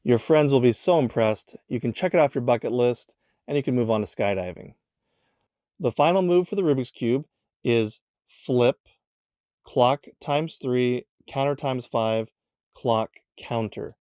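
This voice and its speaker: A man's voice: medium pitch, measured pace, mellow, no room sound, studio quality. A man hosting a step-by-step puzzle tutorial in a casual way, counting the moves aloud as he demonstrates them. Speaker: tutorial host.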